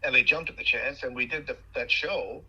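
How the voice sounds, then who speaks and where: Bright, husky-voiced man telling stories. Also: mid-range voice, brisk, poor audio. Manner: animated storyteller, frequent fillers and restarts. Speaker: guest actor. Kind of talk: podcast interview, storytelling.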